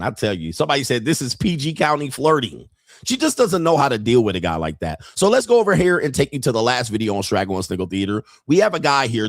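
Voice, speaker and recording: A man's voice: mid-range voice, no room sound, clean studio sound. A middle-aged man hosting a commentary show, reacting bluntly and crudely to viral clips with frequent laughter. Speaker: host.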